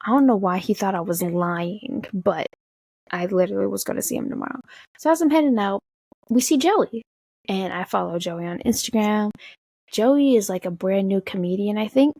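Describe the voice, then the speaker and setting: A young woman from the Tacoma area telling an animated storytime, swearing and acting out quotes. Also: mid-range voice, normal speed, no echo. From Tacoma area, USA. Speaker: vlogger. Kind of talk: casual storytime.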